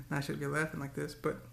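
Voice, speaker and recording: A man's voice: a little high, gravelly, fairly bright tone, roomy sound. A man talking to the camera in a casual, rambling monologue, often repeating words and breaking into cursing rants. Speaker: vlogger.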